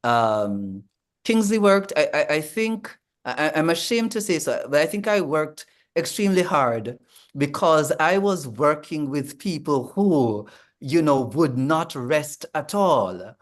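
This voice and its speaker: A man, a language coach explaining in a panel discussion, measured and full of ums and restarts. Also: fairly high pitch, sing-song.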